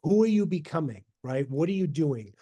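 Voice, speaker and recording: A man speaking as a podcast guest in casual interview talk, animated and motivational, over a video call. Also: a little high, moderate pace, breathy edge, highs cut off. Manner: animated, motivational, quotes himself in asides.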